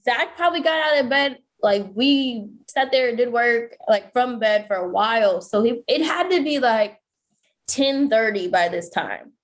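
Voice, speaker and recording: A woman co-hosting a podcast tells a story in casual chat, speaking a little high at a measured pace. She's animated, swears freely, and acts out what people said.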